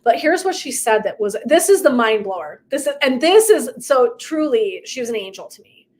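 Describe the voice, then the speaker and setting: A woman's voice: on the high side, sing-song, moderate pace. A middle-aged woman coach talking casually and emphatically to her viewers, with asides and tangents. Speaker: purpose and legacy coach. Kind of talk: casual motivational talk to viewers.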